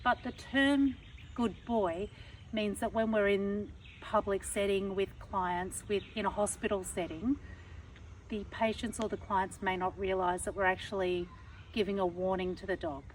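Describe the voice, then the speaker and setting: A woman's voice: mid-range voice, fairly even intonation, a little slow. A woman dog trainer patiently explaining obedience commands outdoors, acting out the tones she uses. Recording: somewhat distant mic, faint background noise.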